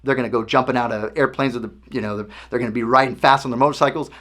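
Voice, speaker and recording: In a medium-pitched, fairly bright voice with fairly even intonation, a man races through a casual explanatory talk as host. He stays conversational and repeatedly checks in with listeners using "okay?"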